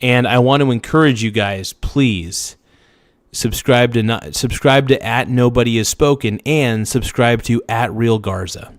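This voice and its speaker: A man hosting a casual livestream, slangy and hyped as he thanks subscribers, his voice slightly hoarse. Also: mid-range voice, unhurried, no room sound, studio quality. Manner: hypes subscribers, slangy and loose. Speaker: livestream host.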